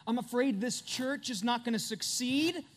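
A man's voice: very high voice, normal speed, slight background noise. A middle-aged man preaching a sermon as pastor, earnest and confessional, building to emphatic peaks.

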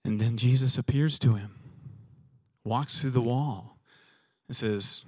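A man's voice: medium pitch, slow pace, pauses often, a little mellow, husky, no echo. A man preaching a sermon in a conversational way, asking rhetorical questions and often repeating words. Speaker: pastor.

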